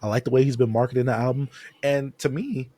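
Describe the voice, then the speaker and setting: A man's voice: medium pitch, fast. A man co-hosting a podcast, chatting casually about music and acting out quotes as he tells stories. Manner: animated, acts out quotes when telling stories. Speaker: podcast co-host. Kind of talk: casual chat.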